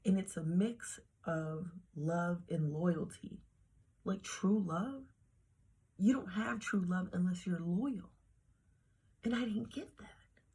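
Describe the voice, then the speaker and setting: A woman's voice: on the low side, takes it slowly, warm tone, husky. A woman giving a casual devotional talk to camera, slangy and emphatic, often dropping into whispers. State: heartbroken after a breakup. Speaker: faith vlogger.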